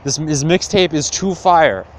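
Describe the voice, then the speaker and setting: A man's voice: fairly high pitch, a little slow, a little hiss or hum, natural voice. A man voicing a smug, hypocritical friar who talks in brash, profane street slang.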